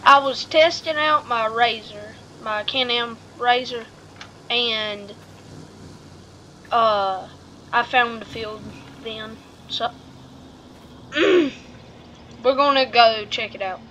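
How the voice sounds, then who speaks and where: Slow, rambling woman with hiccups. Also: fairly high pitch, bright, forceful tone, slight background noise, rough recording. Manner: rambling, halting, many fillers and restarts. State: has the hiccups. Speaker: vlogger. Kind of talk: casual vlog narration. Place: outdoors by a truck and trailer.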